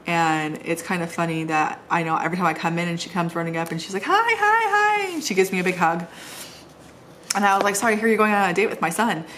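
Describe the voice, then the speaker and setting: With a little hiss or hum in the recording, a middle-aged planner vlogger chats and rambles casually as she decorates a planner, seated on the floor at home. Her lowish voice has a fairly bright tone, and she often pokes fun at herself.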